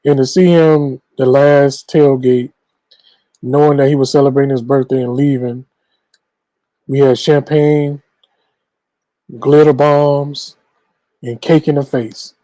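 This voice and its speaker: A man's voice: mid-range voice, level tone, slow, pauses often, dark tone, dry recording, rough recording. A man co-hosting a sports talk podcast, bantering playfully. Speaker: podcast co-host.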